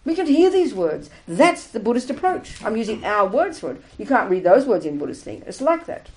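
A woman's voice: on the high side, very animated, brisk, darkish tone, poor audio. A woman giving a frank, emphatic Buddhist teaching talk, repeating her points and laughing often. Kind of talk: dharma talk to students.

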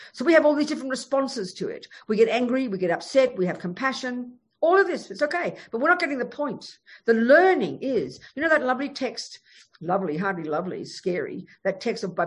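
Animated woman teaching Buddhism. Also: mid-range voice, breathy edge. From Australia. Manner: animated, emphatic, frank storytelling. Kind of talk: Buddhist dharma talk.

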